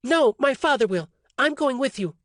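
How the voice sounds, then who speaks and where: A woman's voice: sits high, expressive, normal speed, dry recording, studio quality, pitched above the performer's own voice. A man voicing a stubborn, insistent young woman. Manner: insistent, blunt.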